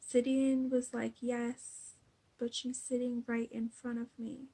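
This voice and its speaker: A young woman recapping a TV episode in casual chat, chatty and gushing, jumping into a high voice to act out quotes. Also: level tone, slow, mellow, breathy edge, low-quality recording. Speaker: recap vlogger.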